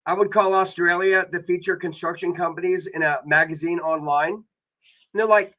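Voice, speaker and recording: A man's voice: sits high, fairly even intonation, moderate pace, bright, forceful tone. A man guest telling rambling anecdotes in casual chat, with many fillers and quoted voices.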